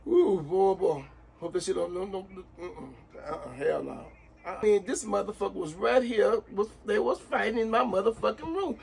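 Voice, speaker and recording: Uncle type, high gravelly male voice, fed-up cursing tirade. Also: moderate pace, crowd noise. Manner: exasperated, swears constantly, repeats himself. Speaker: uncle being pranked. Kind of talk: profane ranting at a prank.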